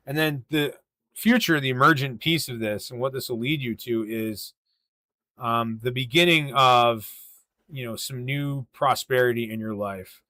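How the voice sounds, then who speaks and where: A man giving live tarot readings in a loose, easygoing way, drifting through his thoughts with frequent ums and uhs. His voice sits at an ordinary middle pitch. The sound is dry and close, with no room echo. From western Massachusetts. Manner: relaxed, rambling, many ums and uhs. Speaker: tarot reader hosting a livestream. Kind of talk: casual livestream tarot reading.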